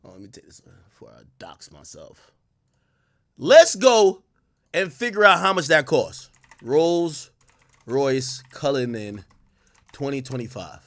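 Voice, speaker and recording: A young man streaming casually, reading messages aloud to his chat and reacting with loud outbursts. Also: a little high, big pitch swings, slow pace, long pauses. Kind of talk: casual live-stream commentary.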